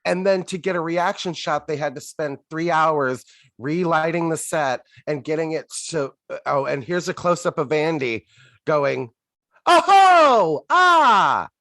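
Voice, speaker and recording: A man's voice: fairly high pitch, a little slow, no echo, studio quality. A man co-hosting a podcast, chatting casually with blunt, sarcastic complaints. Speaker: podcast co-host. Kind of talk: casual chat.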